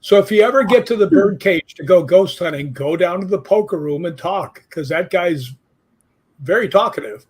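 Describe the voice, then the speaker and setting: Husky older man telling ghost stories. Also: high voice, animated, moderate pace. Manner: rambling anecdotes with asides, quotes his own questions. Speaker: guest ghost hunter. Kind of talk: casual interview storytelling.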